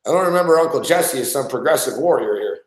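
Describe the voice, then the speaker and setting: A man's voice: mid-range voice, expressive, quick pace, reverberant, low-quality recording. A man hosting a sports betting show, telling profane, laughing stories about guests in casual studio banter. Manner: profane, storytelling, laughs often.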